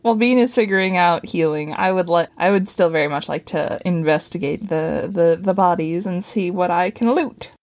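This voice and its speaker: A woman's voice: on the low side, moderate pace, few pauses, a little mellow. Hesitant woman playing a tabletop game. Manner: hesitant, stuttering restarts. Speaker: player. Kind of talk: casual tabletop role-play.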